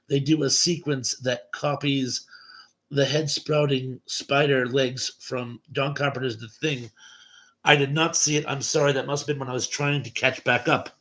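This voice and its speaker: A man's voice: mid-range voice, a bit bright. Man casually reading livestream chat aloud. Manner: reads viewer comments aloud, chuckling asides.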